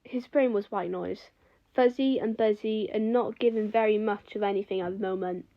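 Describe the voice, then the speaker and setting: A woman reading a piece of fan fiction aloud, lifting her pitch a little for the characters' quotes. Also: steady tone, moderate pace, muffled recording. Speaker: fanfiction reader.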